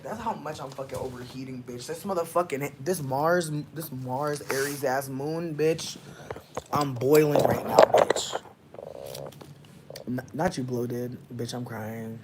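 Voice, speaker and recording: A vlogger ranting casually to camera at home, swearing constantly and telling a story with big swings from muttering to loud bursts. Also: medium pitch, a little hiss or hum. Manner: profane, heavy swearing. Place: indoors, at home near a window.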